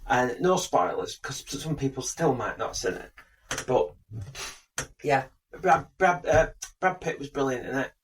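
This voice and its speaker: A man's voice: medium pitch, big pitch swings, a little slow, far from the mic, slight background noise. Chatty man, slightly off-mic. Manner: chatty, rambling, joking. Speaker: podcast co-host. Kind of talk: casual chat.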